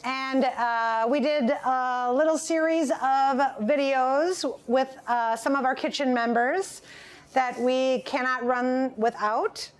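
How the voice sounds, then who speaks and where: A woman from Wisconsin introducing a video about her brother in an unhurried way, with many fillers. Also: high voice, steady tone. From Wisconsin, USA. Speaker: restaurant owner introducing video. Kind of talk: casual introduction.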